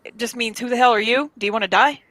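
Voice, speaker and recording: A woman in casual chat, handing out tips and telling stories in an animated way. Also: fairly high pitch, fast. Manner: animated, tip-giving storyteller. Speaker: chat participant.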